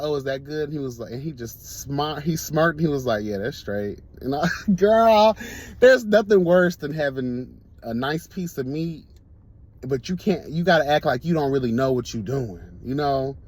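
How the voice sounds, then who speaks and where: A man hosting a casual talk show, telling stories in a camp, animated way and laughing often. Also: a little high, moderate pace. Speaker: host. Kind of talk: casual storytelling chat.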